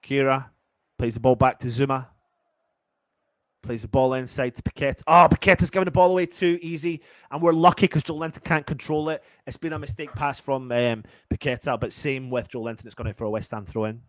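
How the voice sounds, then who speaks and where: A man giving partisan live football commentary as a fan, swearing and swinging from low muttering to loud shouts. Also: fairly even intonation, a little fast, no echo.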